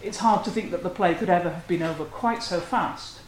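Lecturer, academic talk, analytical and scholarly, mid pitch, roomy echo. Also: a little fast, slight background noise.

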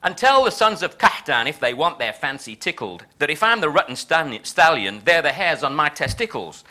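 A gloating Texan president with a put-on drawl, as a man reads him aloud. The voice is bright and lively and bounces high and low in boastful, folksy verse. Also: normal speed. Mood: swaggering. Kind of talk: dramatic reading of translated verse.

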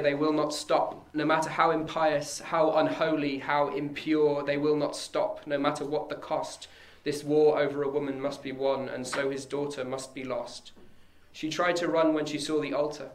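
A man giving a measured, solemn dramatic verse reading. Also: on the high side. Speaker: reader. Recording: echoey room.

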